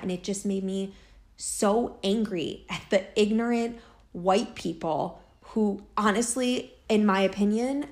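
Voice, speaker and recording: A woman speaks straight to her audience in a casual, heartfelt way, telling a personal story with many asides. Her voice sits at a middling pitch. Her talk is loose and chatty, full of fillers. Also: a little slow. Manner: earnest, chatty, many fillers like "like" and "you know". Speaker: vlogger.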